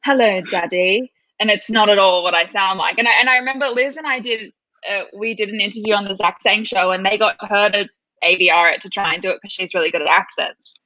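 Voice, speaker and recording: Chatty aussie young woman on a video call, bright voice, dull lo-fi audio. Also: mid-range voice, fast, no room sound. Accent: Australian. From Australia. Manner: chatty, rambling storyteller. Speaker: guest actor.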